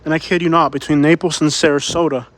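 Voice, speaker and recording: A man's voice: on the high side, flat delivery, fast talker, fairly bright tone, dry recording. A man live-streaming while walking city streets, a little out of breath, rambling and repeating himself as he reads chat aloud.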